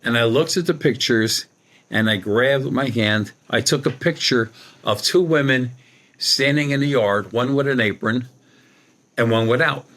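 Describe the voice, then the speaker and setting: Brief: middle-aged male medium guest, colloquial rambling storyteller, mid-pitched. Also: moderate pace, a bit bright. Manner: rambling, colloquial, acts out quoted dialogue. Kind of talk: conversational storytelling.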